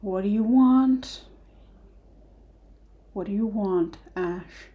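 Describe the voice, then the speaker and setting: Woman doing a gruff older dwarf lady. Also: mid-range voice, drawn-out words, highs cut off. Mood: snappish. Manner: brusque, snappy, swearing. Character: gruff older female dwarf with a braided beard.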